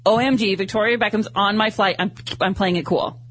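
A man chatting as a talk show guest, telling an animated story and acting out his own reactions. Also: high-pitched, a little fast. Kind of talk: casual talk show chat.

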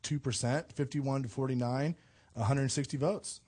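A man's voice: mid-range voice, steady tone, moderate pace, warm tone, husky. A man co-hosting a podcast in easygoing casual chat, reading out poll results with many fillers. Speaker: podcast co-host.

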